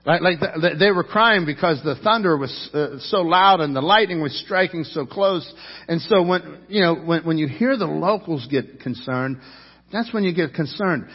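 A man preaching a sermon as pastor, swinging from loud, raised passages to hushed ones and acting out quoted lines. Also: fairly high pitch, normal speed, slightly rough. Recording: echoey hall, dull lo-fi sound.

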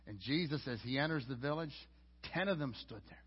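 A man's voice: mid-range voice, expressive, fairly quick, breathy edge. A man preaching a sermon as pastor, in a conversational way with frequent stammered restarts. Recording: dull lo-fi audio.

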